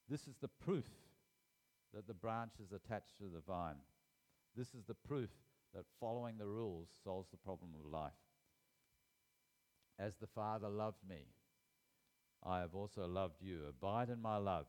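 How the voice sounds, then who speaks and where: A man preaching a sermon, reading scripture aloud and stressing key phrases with repetition and sudden rises in voice. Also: low voice. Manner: emphatic, repeats key phrases, rises sharply for emphasis.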